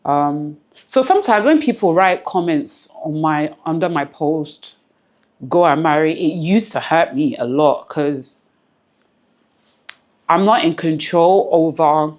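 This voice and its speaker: A woman's voice: low voice, expressive, slow pace, darkish tone. A woman guest in an interview, talking earnestly and reflectively about something personal, often repeating phrases for emphasis. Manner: close to tears at times.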